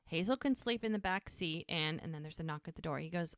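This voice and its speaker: A woman's voice: sits low, animated, fast, no room sound, studio quality. Woman casually retelling a scene. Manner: retells scenes, acting out dialogue. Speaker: podcast co-host. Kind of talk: casual recap chat.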